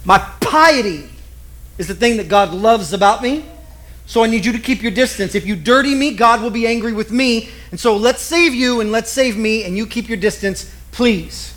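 A man's voice: very high voice, normal speed, fairly bright tone. A preacher playing a prim, self-righteous religious man who wants others to keep their distance.

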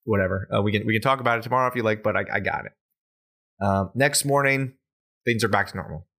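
A man's voice: fairly low pitch, fast talker, bright, forceful tone. A man co-hosting a podcast, casually telling a long story and swearing now and then. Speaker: podcast co-host. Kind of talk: casual chat.

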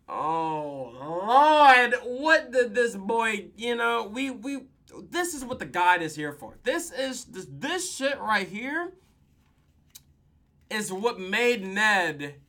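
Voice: mid-range voice, sharp tone. A podcast host recapping a TV episode in casual, profane slang, telling the story with laughs.

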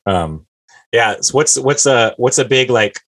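A man hosting a casual podcast chat, rambling and acting out quoted people in animated voices. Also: mid-range voice, a little slow. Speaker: podcast host.

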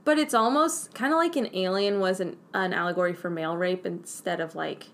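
A woman's voice: on the low side, brisk, a bit bright, slight background noise. A young woman from Wisconsin co-hosting a casual movie podcast, thinking aloud in a musing, trailing way. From Wisconsin, US Midwest. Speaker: podcast co-host. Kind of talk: casual movie-review chat.

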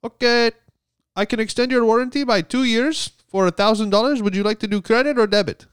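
A man's voice: very high voice, fairly quick, fairly bright tone, clean tone, no room sound, studio quality, voice pushed up. A man putting on an Indian accent to play a pushy male phone scammer with formal phone-agent phrasing. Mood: pushy polite.

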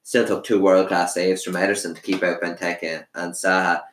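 Opinionated man, low voice. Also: flat delivery, fairly bright tone, a little hiss or hum. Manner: opinionated, lists players rapidly. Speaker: podcast co-host. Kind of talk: casual sports podcast chat. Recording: roomy echo.

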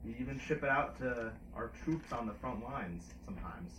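A man's voice: mid-range voice, animated, normal speed, fairly bright tone. A man playing a winemaker in a tabletop game, wry and blunt, with casual swearing. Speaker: player. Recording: echoey room with faint noise.

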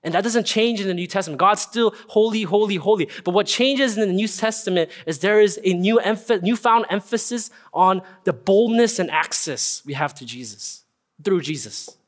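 A young man preaching a casual, earnest sermon, often checking in with listeners with a quick "right?". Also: high voice, animated. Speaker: pastor. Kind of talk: conversational sermon.

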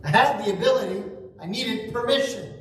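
A man preaching a sermon slowly and reflectively, asking rhetorical questions. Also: sits high, fairly bright tone, slight background noise. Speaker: pastor. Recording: echoey room, mic at a distance.

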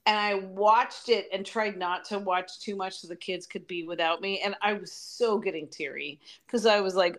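Woman, 40s, middle-pitched voice, lively casual storytelling on a podcast. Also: normal speed, few pauses. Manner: storytelling, animated. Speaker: podcast co-host. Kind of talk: casual chat.

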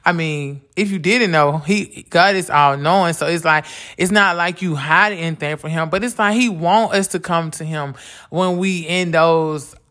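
Bright-voiced woman sharing her grief. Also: fairly low pitch, moderate pace. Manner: casual, repeats "like" often, earnest. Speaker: podcast host. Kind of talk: heartfelt personal talk on grief and faith.

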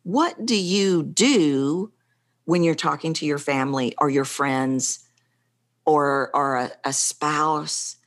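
A woman's voice: low voice, takes it slowly. A woman speaking as a vocal coach in an interview, talking animatedly and acting out the voices in her examples. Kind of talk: conversational interview.

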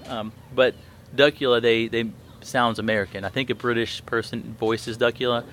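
A man's voice: mid-range voice, steady tone, moderate pace, a bit bright, slight background noise. A man in his thirties hosting a podcast, telling a story in a rambling way with many fillers and restarts. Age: 30s. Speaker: podcast host. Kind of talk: casual chat.

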